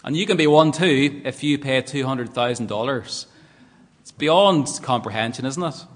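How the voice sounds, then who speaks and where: A man's voice: mid-range voice, moderate pace. A man with a Northern Irish accent preaching a sermon in a church, earnest and fond of rhetorical tag questions. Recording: long church hall reverb.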